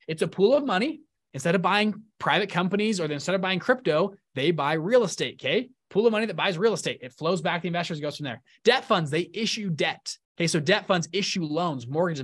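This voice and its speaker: Young male presenter, live webinar, upbeat and chatty, slightly higher voice, dry close sound. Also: fairly bright tone, husky, no echo. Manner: upbeat, casual, keeps checking in with listeners. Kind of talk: live online teaching talk.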